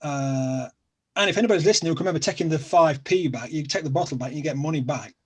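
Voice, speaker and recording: A man's voice: a little high, fast, slightly rough. A middle-aged man from England with a Sheffield accent, a guest in a casual chat, rambling and repeating himself with plenty of fillers. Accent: Sheffield, South Yorkshire.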